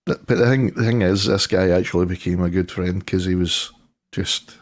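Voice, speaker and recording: A middle-aged Scottish man telling stories in a casual chat, laughing easily. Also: low-pitched. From Scotland. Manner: storytelling, quick to laugh. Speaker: co-host.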